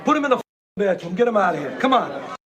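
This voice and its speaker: A man putting on a loud New voice, ordering someone thrown out. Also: high-pitched, sing-song, quick pace, breathy edge, dry recording, voice pushed up, heavily acted. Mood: shouting.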